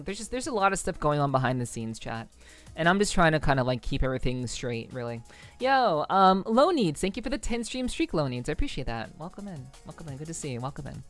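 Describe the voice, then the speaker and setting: A young woman live streamer in casual chat with her viewers, rambling with frequent restarts. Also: low voice.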